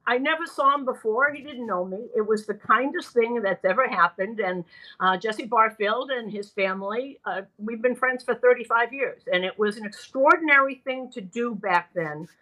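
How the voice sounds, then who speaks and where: Bright-voiced older woman telling stories. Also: fairly high pitch, moderate pace, low-quality recording. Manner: animated anecdotal storytelling, quoting others. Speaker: guest broadcaster. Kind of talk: storytelling in a podcast interview.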